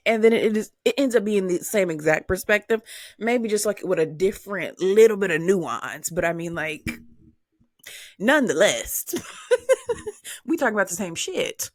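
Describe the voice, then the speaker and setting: A woman in her twenties hosting a solo podcast, talking candidly and animatedly, with swearing and high-pitched mimicry of other people. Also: lively intonation, measured pace, no echo, clean studio sound. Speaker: podcast host.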